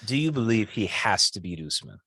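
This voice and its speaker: A laid-back man in a casual podcast chat, agreeable and quick to steer the talk to the next topic. His pitch rises and falls a great deal, and the recording is dry and close. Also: sing-song, a bit bright, breathy edge, no echo. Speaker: podcast co-host.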